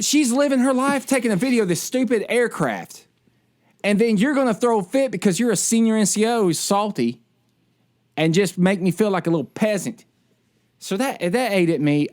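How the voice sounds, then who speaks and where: Male podcast co-host, worked-up storyteller with a higher-than-usual voice. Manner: animated ranting storyteller. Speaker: military service member. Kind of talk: casual podcast chat.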